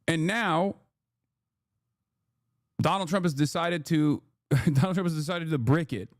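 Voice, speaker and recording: A fairly high-pitched man speaks a little slowly, recorded at studio quality with no echo. He's streaming reactions to a news clip in a casual political-commentary style, sarcastic and profane, using mocking voices for anyone he quotes.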